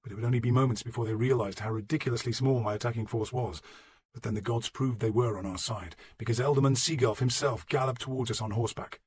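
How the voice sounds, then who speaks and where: Man narrating an audiobook, husky voice. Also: mid-range voice, fairly even intonation, fast talker, darkish tone, dry recording. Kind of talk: first-person audiobook narration.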